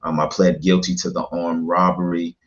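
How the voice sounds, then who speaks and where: A man's voice: deep voice, flat delivery, moderate pace, highs cut off. A man being interviewed as a guest, telling his personal story in an earnest, reflective way with rhythmic lists.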